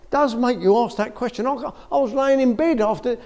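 A man's voice: extremely high pitch, fairly quick, darkish tone. A man giving an informal, conversational sermon that rises to emphatic outbursts. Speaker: preacher.

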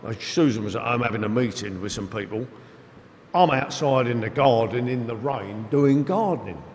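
Animated male preacher in echoey hall. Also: medium pitch, normal speed. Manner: animated storytelling, emphatic. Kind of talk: sermon. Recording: echoey hall with long reverb.

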